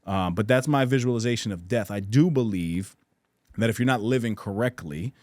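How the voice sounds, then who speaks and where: A man's voice: fairly low pitch, normal speed, darkish tone, dry recording, clean studio sound. A man in casual podcast conversation, talking in an earnest, reflective way with frequent restarts and self-corrections.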